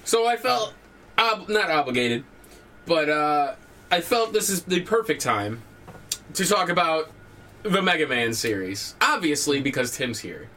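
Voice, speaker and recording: A man hosting a casual gaming podcast, loud and joking, laughing often. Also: on the high side, sing-song, measured pace, slight background noise. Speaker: podcast host.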